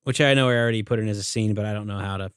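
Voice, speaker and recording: A man co-hosting a podcast in casual chat about movies, talking in an animated way. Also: on the low side, racing, clear, resonant tone, no room sound, studio quality. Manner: animated, acts out film lines. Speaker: podcast co-host.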